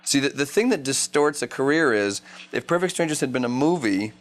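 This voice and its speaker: A man's voice: medium pitch, animated, a little fast. A man in his thirties, an actor answering interview questions in a wry, rambling way, often restarting his sentences. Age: 30s. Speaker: actor interviewed at a press junket.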